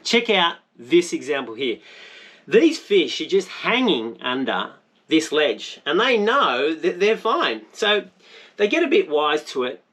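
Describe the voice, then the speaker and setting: A man's voice: on the high side, very animated, unhurried, pushed and bright. An Australian man narrating his spearfishing vlog in a rambling, jokey, self-mocking way. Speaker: spearfishing vlogger.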